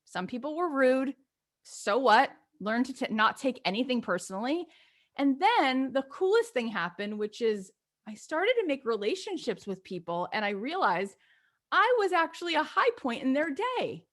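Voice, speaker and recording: Animated woman host telling a story. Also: high-pitched, normal speed. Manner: animated storytelling, acts out her own past phone calls. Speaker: podcast host. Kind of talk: conversational coaching talk.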